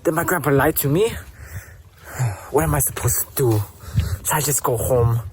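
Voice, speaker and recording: A man voicing a desperate young man on a quest, raising his pitch for the part. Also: moderate pace, noisy background, natural voice. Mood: anxious.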